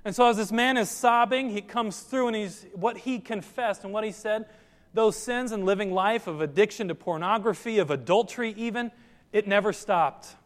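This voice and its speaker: A man's voice: sits high, moderate pace, big-room sound. A man preaching a sermon as pastor, earnest and direct, often putting questions to his listeners.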